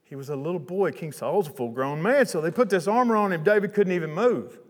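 A man preaching a sermon, retelling a Bible story in a casual, lively way with chatty asides. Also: high voice, fairly quick, big-room sound.

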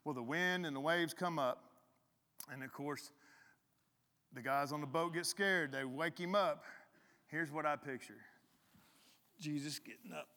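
A man's voice: on the high side, unhurried, long pauses, bright, forceful tone. Man preaching casually in a reverberant hall. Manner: casual, conversational preaching with restarts. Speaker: pastor. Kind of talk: sermon.

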